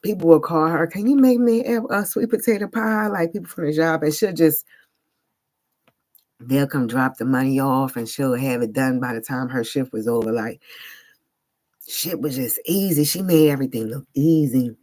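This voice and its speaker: A woman's voice: rumbling low, moderate pace, a little mellow. A woman telling a personal story on a vlog in a casual, slangy and emphatic way, with frequent "like" fillers. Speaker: vlogger.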